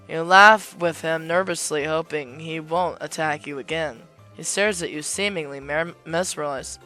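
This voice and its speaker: A man reading a visual novel aloud, voicing both sides and bursting into excited shouts. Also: moderate pace, few pauses, faint music behind. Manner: excitable, erupts into high shouting. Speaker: streamer playing a visual novel.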